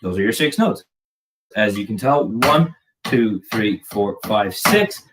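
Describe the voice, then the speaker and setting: A man's voice: lowish voice, lively intonation, takes it slowly. A man teaching drums in a casual video lesson, jokey and rambling, poking fun at himself. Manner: jokey, rambling, self-deprecating. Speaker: drum teacher. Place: home drum room. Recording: distant mic with clear background noise.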